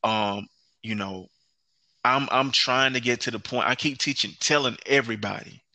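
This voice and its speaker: A man hosting a podcast who speaks emphatically, repeating key phrases and stammering when he gets excited. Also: mid-range voice, normal speed, no room sound. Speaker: podcast host. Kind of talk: casual conversation.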